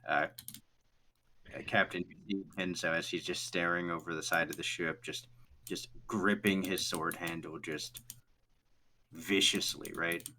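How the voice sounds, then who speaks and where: A man's voice: low-pitched, fairly even intonation, unhurried, pushed and bright. A man narrating as game master, rambling through descriptions with lots of fillers.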